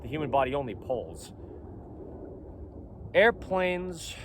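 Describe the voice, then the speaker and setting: A man speaks outdoors in a casual vlog, his pitch rising and falling in lively swings. He is emphatic and insistent and keeps repeating his points. Faint wind and traffic sit behind him. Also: slow. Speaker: clothing company founder. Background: faint wind and traffic noise.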